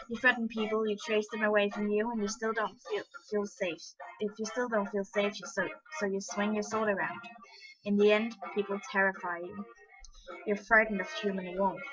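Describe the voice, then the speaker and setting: A woman voicing a calm, wise male samurai in an amateur dramatic reading, measured and lecturing. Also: medium pitch, natural voice. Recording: dull lo-fi with faint music.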